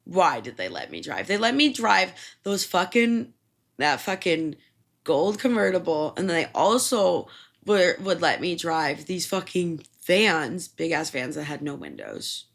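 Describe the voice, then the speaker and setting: A woman's voice: fairly low pitch, lively intonation, a little slow, creaky, fairly bright tone. A young woman hosting a podcast, telling rambling, profane, self-mocking stories in a casual monologue full of fillers. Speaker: podcast host.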